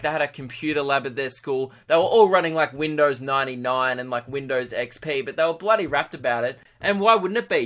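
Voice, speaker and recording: A man's voice: on the high side, fairly bright tone. A man with an Australian accent, a podcast host telling a comic story in a sarcastic, ranting way. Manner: sarcastic, ranting, frequent swearing.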